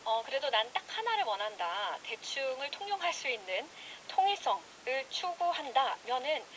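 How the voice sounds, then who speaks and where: A woman hosting a radio English show. She switches quickly between Korean and slow, carefully spelled English. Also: high-pitched, big pitch swings, a bit bright. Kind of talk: bilingual radio chat. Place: radio studio. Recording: dull radio broadcast with faint hiss.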